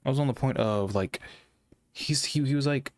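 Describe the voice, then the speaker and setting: A young man talking casually about gaming, in a monotone voice that he says makes him sound sarcastic, rambling with frequent restarts. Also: mid-range voice, no room sound, studio quality. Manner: rambling, halting with many restarts. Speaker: gaming commentator. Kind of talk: casual monologue.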